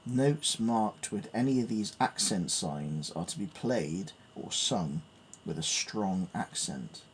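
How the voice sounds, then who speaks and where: A man's voice: low voice, expressive, takes it slowly, slight background noise. A man thinking aloud as he works through piano theory, reading notes and musing hesitantly with fillers. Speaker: piano learner. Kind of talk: thinking aloud while studying music theory.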